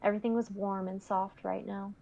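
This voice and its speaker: A young woman guest reading a fan story in a steady, mid-pitched voice. Between passages she is playful and encouraging with her co-host. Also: fairly quick, creaky, muffled recording. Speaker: guest co-reader. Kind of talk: reading fan fiction aloud and casual chat.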